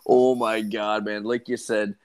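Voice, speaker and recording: A man, co-hosting a podcast with relaxed, swearing banter. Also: fairly low pitch, unhurried. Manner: laid-back, nostalgic banter with swearing. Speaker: podcast co-host. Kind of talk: casual podcast chat.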